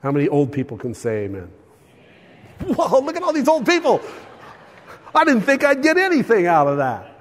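An older man preaching a sermon, telling stories with lively swings between loud and hushed delivery. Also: high voice, moderate pace, long pauses, long reverb tail.

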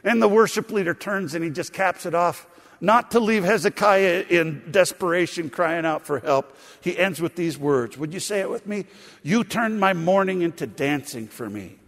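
A man's voice: sits high, moderate pace, creaky, fairly bright tone. A man preaching a sermon as pastor, reading scripture expressively with frequent fillers. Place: church sanctuary. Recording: long reverb of a large hall.

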